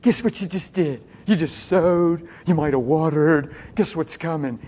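A preacher telling a homespun, familiar sermon story, dropping to near-whispers and then rising into loud, laughing exclamations. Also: mid-range voice, unhurried, a little hiss or hum. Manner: homespun and familiar, calls listeners honey.

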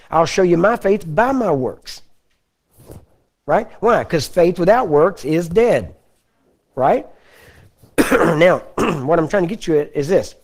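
A man from Texas preaching a teaching sermon. He talks in a folksy way, keeps checking in with "Amen?" and "You understand?", clears his throat often and slows down to read scripture. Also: on the high side, a little mellow. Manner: slows down when reading scripture.

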